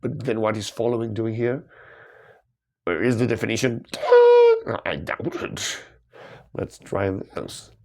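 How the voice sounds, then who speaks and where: This crossword solver's voice sits fairly low, creaky and a little mellow with a breathy edge. He talks his way through cryptic clues, musing and second-guessing himself until bursts of delight break through.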